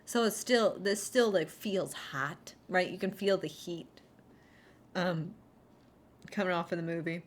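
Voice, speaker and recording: A woman's voice: fairly low pitch, unhurried, slight background noise. A woman chatting casually on her livestream in a rambling, sarcastic way, heavy on fillers and restarts. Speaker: streamer.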